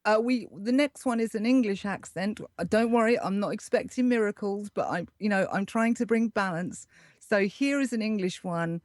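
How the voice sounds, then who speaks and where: A woman's voice: mid-range voice, moderate pace, no room sound, clean studio sound. A woman who is the show's correspondent, hosting a casual podcast segment and reading quirky facts aloud in an upbeat way. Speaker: show correspondent.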